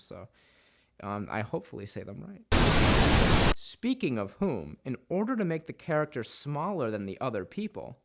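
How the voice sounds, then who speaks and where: A man's voice: mid-range voice, slight background noise. A man voicing narration who often stumbles over words, apologizes and rambles between takes. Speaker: voice actor reading narration. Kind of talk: script read-through with outtakes.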